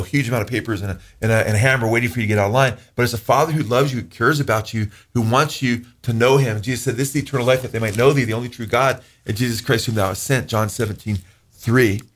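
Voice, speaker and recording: A man preaching a sermon as pastor, talking earnestly, rising in pitch for emphasis and slowing down when he reads scripture. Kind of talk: sermon teaching.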